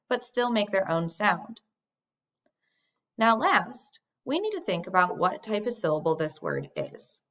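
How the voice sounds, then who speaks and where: Woman teacher, lowish voice, carefully models sounds for kids, muffled lo-fi recording. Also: a bit bright. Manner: slow, deliberate, modeling sounds for young children. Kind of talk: recorded phonics lesson. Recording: dull lo-fi sound.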